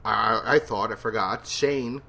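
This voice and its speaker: A man's voice: on the low side, measured pace, creaky, pushed and bright. A man casually reviewing a TV episode, rambling and joking at his own expense. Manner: rambling, self-deprecating, jokey.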